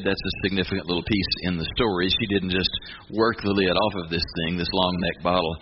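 A man's voice: low-pitched, a little fast. A man preaching a sermon in a conversational, emphatic, folksy way. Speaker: pastor. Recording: muffled with steady hiss.

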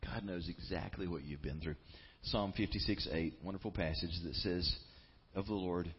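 A man preaching a sermon as a pastor, earnest and emphatic, with dramatic pauses. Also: sits low, muffled recording, a little hiss or hum.

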